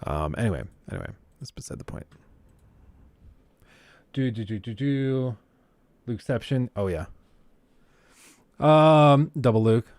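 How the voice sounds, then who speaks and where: Blunt, animated male streamer. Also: mid-range voice, measured pace, long pauses. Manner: blunt, sarcastic, animated ranting. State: keeps choking on throat. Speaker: livestream host. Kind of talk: casual livestream chat.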